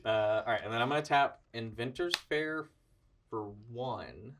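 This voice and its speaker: A man calmly playing a tabletop card game, explaining his moves with many fillers and pauses. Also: mid-range voice, recorded from a distance, crowd noise. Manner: halting, counts aloud, many fillers. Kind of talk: casual tabletop play.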